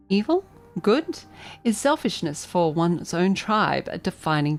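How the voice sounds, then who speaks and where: A woman streaming a game live, chatting excitably and reading the game's narration aloud. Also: on the low side, a little slow, faint music behind. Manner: excitable, chatty, self-deprecating. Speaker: vtuber streamer.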